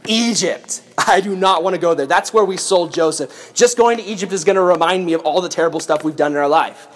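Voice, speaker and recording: A man's voice: high-pitched, a little fast. A man voicing a group of guilty, nervous bearded brothers who stammer and hesitate. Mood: dismayed.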